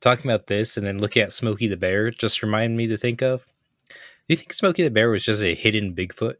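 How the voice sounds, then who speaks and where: A woman chatting on a podcast, dropping deadpan quips. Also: a bass voice, quick pace, dry recording, clean studio sound. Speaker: podcast co-host. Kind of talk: casual chat.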